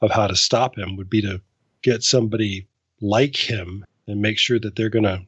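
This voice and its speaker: A man's voice: lowish voice, steady tone, moderate pace, a bit bright, husky, no room sound, lo-fi sound. A man co-hosting a casual discussion, enthusiastic and stammering at the start of his sentences. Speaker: podcast co-host.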